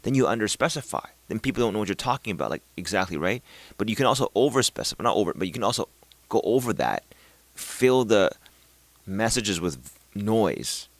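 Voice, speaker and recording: A man's voice: fairly low pitch, lively intonation, a little fast, no echo. A man talking in a casual, unscripted monologue, rambling and thinking aloud with many fillers and restarts, now and then swearing in passing. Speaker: vlogger.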